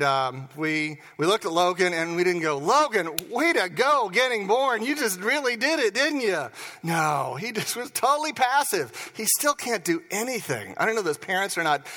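An older man preaching a sermon as pastor, talking in a conversational, animated way with asides. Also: fairly high pitch. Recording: reverberant hall.

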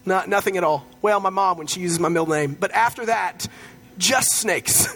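A man's voice: sits high, normal speed, fairly bright tone, faint music behind. A man preaching a sermon as pastor, in a conversational storytelling way with touches of humor.

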